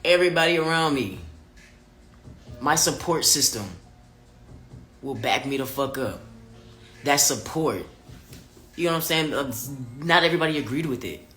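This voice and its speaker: A man's voice: fairly high pitch, normal speed, pauses often, reverberant, faint music behind. Candid, profane man chatting to viewers. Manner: candid, profane, animated and emphatic. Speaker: vlogger talking live to viewers. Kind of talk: casual livestream chat, reading comments.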